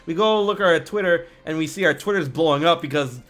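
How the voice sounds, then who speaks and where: A man hosting a podcast in casual chat, excitable and quick to laugh, full of fillers and slang. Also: on the high side. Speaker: podcast host.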